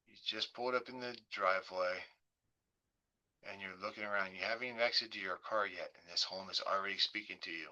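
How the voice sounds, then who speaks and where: A man, a real estate agent, hosting a webinar and leading listeners through a slow, coaxing guided visualization. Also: sits low, pushed and bright, dull audio. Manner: slow, coaxing, imaginative storytelling.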